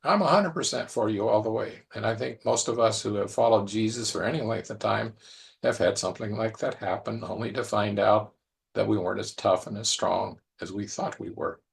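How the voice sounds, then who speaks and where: A man with a low voice and a gravelly edge gives a sermon in a conversational tone. He reflects aloud and often repeats his phrases. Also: level tone, normal speed. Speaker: preacher.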